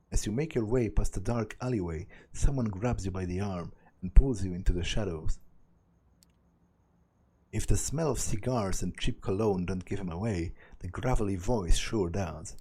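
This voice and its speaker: A man's voice: lowish voice, warm tone, husky. A young man reading a visual novel aloud and commenting as he goes, thinking aloud with hesitant restarts. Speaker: let's play narrator.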